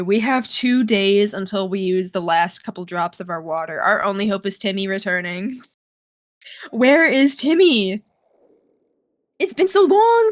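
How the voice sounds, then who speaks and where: A woman's voice: mid-range voice, dry recording. A woman live-streaming a game, chatting with her viewers in a playful, dramatic way and reading the game's text aloud. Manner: playful, dramatic, talks to chat.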